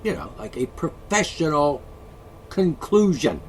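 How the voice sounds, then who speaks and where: A man's voice: on the high side, huge pitch swings, unhurried, a little hiss or hum. A man vlogging an angry solo rant, profane, sarcastic and mocking.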